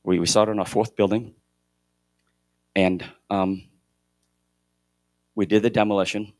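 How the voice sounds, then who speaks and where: A middle-aged man giving a motivational keynote at a conference, shifting between loud emphasis and hushed moments. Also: on the low side, flat delivery, a little slow, no echo, clean studio sound. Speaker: keynote speaker at a real estate conference. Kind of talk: motivational storytelling speech. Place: conference hall stage.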